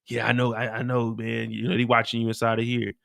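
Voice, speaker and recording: A man voicing a jailed friend in a low, weary, mumbling voice. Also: monotone, fast, gravelly, fairly bright tone, dry recording, studio quality.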